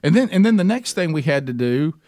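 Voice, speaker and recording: A man in casual chat, telling an animated story and often stumbling over repeated words. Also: on the high side, fairly quick, dry recording, clean studio sound. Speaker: storyteller guest.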